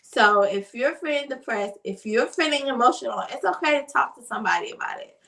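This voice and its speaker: A woman's voice: a little high, expressive, brisk, vocal fry, sharp tone, distant mic, rough recording. A woman and mother of three, talking earnestly and casually, repeating phrases with lots of fillers. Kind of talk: casual talk to camera.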